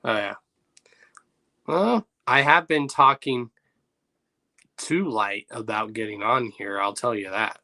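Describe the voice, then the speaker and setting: A man's voice: on the low side, takes it slowly, creaky, pauses often, pushed and bright. A man hosting a livestream, chatting loosely and reacting to viewers' messages. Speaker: livestream host. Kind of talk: casual livestream chat.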